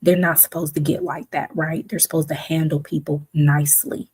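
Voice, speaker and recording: A woman's voice: sits low, flat delivery, normal speed, a little mellow, husky. A woman hosting a reflective talk, speaking emphatically and conversationally, sometimes acting out the voices of the people she quotes. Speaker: host.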